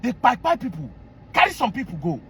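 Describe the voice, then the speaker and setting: A Nigerian man hosting a commentary vlog, delivering an indignant, animated rant. He repeats phrases and breaks into shouts. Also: very high-pitched, a little fast, slight background noise.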